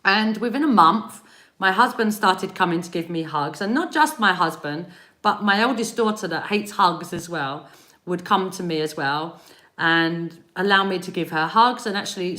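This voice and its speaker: A woman's voice: on the low side, normal speed, bright, forceful tone. A British woman hosting a live spiritual reading stream, chatting casually, greeting viewers by name and laughing often. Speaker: spiritual reader and livestream host. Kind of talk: casual livestream chat. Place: home in Spain.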